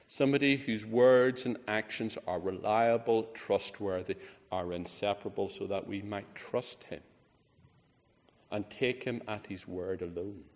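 A man preaching a sermon, emphatic, rising on key words and falling low and quiet at the ends of phrases. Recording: reverberant hall.

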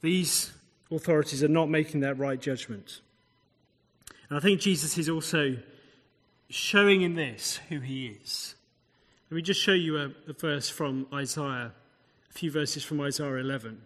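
Male preacher, conversational expository sermon, slightly raised pitch, long echo of a hall. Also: unhurried, fairly bright tone. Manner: expository, conversational asides, rhetorical questions.

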